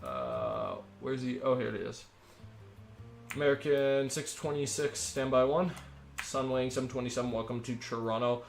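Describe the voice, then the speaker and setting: A man streaming himself as an air traffic controller. He talks in an upbeat, rambling way between crisp radio calls. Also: mid-range voice, expressive, normal speed, soft background music. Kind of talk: live-stream commentary mixed with radio phraseology.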